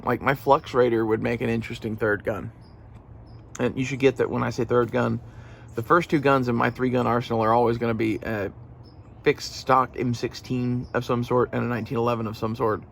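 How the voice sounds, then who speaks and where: A man vlogging in a casual, rambling way, swearing freely and filling pauses with "uh" and "you know". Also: mid-range voice, level tone, gravelly, slight background noise. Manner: casual, profane, rambling with fillers. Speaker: gun channel vlogger. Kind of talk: casual rambling gear talk.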